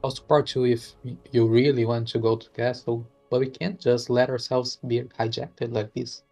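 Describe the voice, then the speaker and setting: A man voices a hero inner voice begging the others to stop fighting. His mid-pitched voice sounds anxious and pleading, with faint music behind. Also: level tone, normal speed, darkish tone, close to an everyday voice. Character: timid heroic inner voice pleading for calm.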